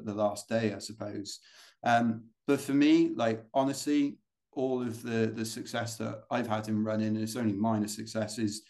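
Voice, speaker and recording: A man's voice: fairly low pitch, darkish tone. A British man, a guest on a podcast, telling long stories in a chatty, rambling way with plenty of fillers and restarts. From United Kingdom. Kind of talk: casual interview storytelling.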